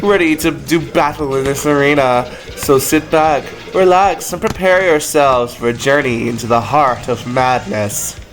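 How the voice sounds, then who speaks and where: A man's voice: mid-range voice, soft background music, lightly acted. Man doing a grandiose sinister game show host. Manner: slow, drawn-out showman delivery. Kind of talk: reading game dialogue aloud.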